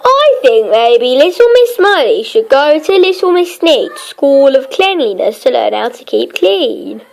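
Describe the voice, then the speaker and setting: A woman voicing a kindly, easygoing man who speaks calmly and reassuringly, in a storybook reading. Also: sits high, a little slow, gravelly, a little hiss or hum, exaggerated voice.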